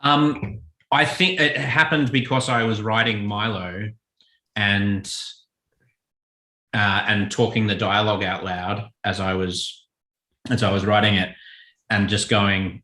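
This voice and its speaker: Forceful, lower-voiced man in an echoey room. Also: slow pace, long pauses. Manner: thoughtful, self-correcting, relaxed. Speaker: children's author and illustrator. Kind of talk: interview answers.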